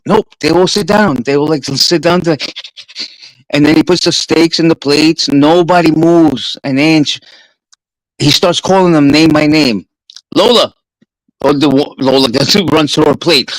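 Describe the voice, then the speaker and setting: A man's voice: a little high, no room sound, poor audio. A man with a New York accent, a streamer swapping stories in a casual, profane chat. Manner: profane, animated storyteller.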